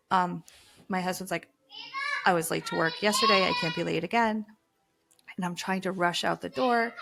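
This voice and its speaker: A woman's voice: lowish voice, gravelly, a bit bright. A woman in her thirties co-hosting a podcast, telling everyday stories in casual chat and laughing as she talks. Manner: chatty storyteller, laughs mid-sentence. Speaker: podcast co-host.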